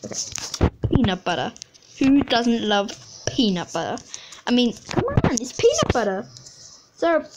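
Chatty profane teen girl, noisy recording. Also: on the high side. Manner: profane, rambling, easily sidetracked. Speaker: animation channel creator. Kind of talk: casual rambling chat while drawing.

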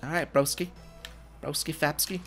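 A young man hosting a casual gaming livestream, excitable and swearing freely between laughs. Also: a little high, moderate pace, soft background music. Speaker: livestream host.

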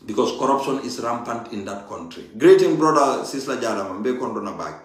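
A man's voice: medium pitch, expressive, brisk. A man giving an impassioned political monologue, emphatic and pleading, repeating his key points. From Gambia. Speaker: party supporter giving political commentary. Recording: very echoey room.

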